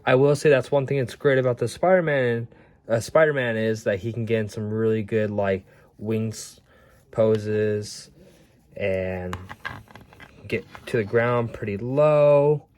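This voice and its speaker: A man's voice: lowish voice, steady tone, measured pace, darkish tone, no room sound. A man casually reviewing action figures, rambling and stumbling over his words as he shows them off at home. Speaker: toy reviewer.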